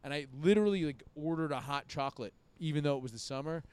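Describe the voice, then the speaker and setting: Guy in his 30s telling a wild bar story, cursing a lot, fairly high smooth voice. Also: fast talker. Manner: profane, animated storyteller acting out his own quotes. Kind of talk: casual storytelling chat.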